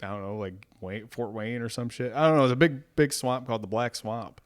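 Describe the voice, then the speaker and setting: A young man from Ohio is co-hosting a relaxed podcast chat. He talks in a loose, rambling way, swears constantly and breaks into laughter. His voice sits at an ordinary middle pitch. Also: fairly quick. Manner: profane, rambling, laughs often. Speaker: podcast co-host. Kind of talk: casual chat.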